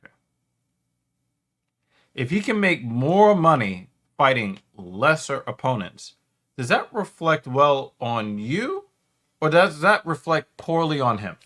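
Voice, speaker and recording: A man's voice: fairly high pitch, big pitch swings, slow pace, long pauses, a bit bright. A man co-hosting a casual watch party chat, cursing, laughing and arguing his point. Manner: profane, laughing, argumentative. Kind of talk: casual chat reacting to clips.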